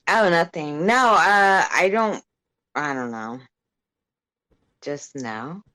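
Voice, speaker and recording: A woman's voice: sits low, lively intonation, slow, pushed and bright, no echo, studio quality. A woman chatting casually with friends on a livestream, mild and easygoing, avoiding arguments. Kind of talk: casual group chat on a livestream.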